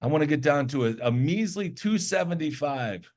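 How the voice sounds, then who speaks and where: A man's voice: on the high side, lively intonation, moderate pace, darkish tone. A man guesting on a podcast, chatting in an easygoing, self-deprecating, joking way. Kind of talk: casual chat.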